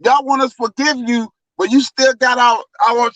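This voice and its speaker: Man, high voice, rambling storyteller, casual chat, dry close recording. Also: little pitch movement, normal speed, fairly bright tone, dry recording, low-quality recording. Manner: rambling storyteller, many restarts and "look". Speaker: podcast co-host. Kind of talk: casual conversation.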